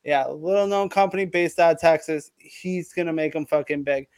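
A man's voice: on the high side, a little fast, darkish tone, dry recording. A man in casual comedic chat, rambling through a made-up story with lots of swearing and hype. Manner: rambling, profane, hyped storytelling.

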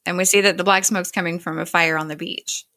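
A woman's voice: fairly low pitch, fairly even intonation, brisk, pushed and bright. A woman casually recapping a TV episode, retelling scenes and quoting the dialogue. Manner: chatty retelling with quoted dialogue.

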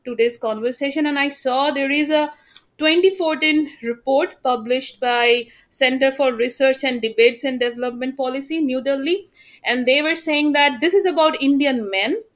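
A woman's voice: sits high, moderate pace. A young woman, a native Bengali speaker, chatting on a podcast about her teaching and telling personal stories. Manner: storytelling, quotes others in asides. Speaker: podcast guest, university teacher. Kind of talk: casual podcast chat.

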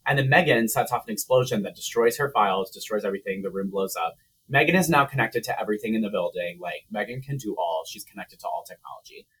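A man's voice: on the low side, lively intonation, quick pace, a bit bright, slightly rough. A man co-hosting a podcast, retelling a film plot in a chatty, profane way with lots of "like". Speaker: podcast co-host. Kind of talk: casual movie recap.

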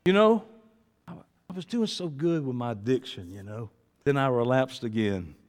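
An older man preaching a sermon, telling stories and swinging from low asides to loud shouts. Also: animated, normal speed. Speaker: pastor. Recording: long hall reverb.

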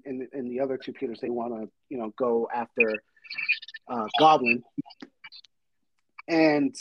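A husky-voiced man talks through a movie's big moments with eager, rambling enthusiasm. His voice sits at an ordinary pitch and sounds slightly rough. The recording is close and dry. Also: dry recording, rough recording. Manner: excited retelling with many fillers. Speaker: podcast host. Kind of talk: casual movie recap chat.

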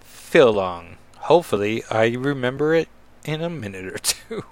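Man, comic read-along host, mid pitch, digressive asides, dry close sound. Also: animated, normal speed, no echo. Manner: chatty, digressive, self-deprecating. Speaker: comic book reader and commentator. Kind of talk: reading a comic aloud with asides.

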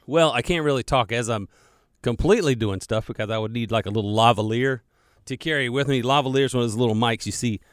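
A man's voice: medium pitch, quick pace, no room sound. Chatty man rambling in a studio. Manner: chatty, digressive, self-deprecating, repeats words. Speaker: radio producer recording a podcast. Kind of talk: rambling casual monologue. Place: radio studio. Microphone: studio microphone.

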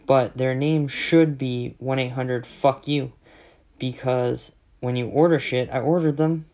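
Man, mid-pitch, sarcastic profane ranter, casual vlog delivery. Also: steady tone, unhurried, a little mellow. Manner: exasperated, sarcastic, heavy swearing.

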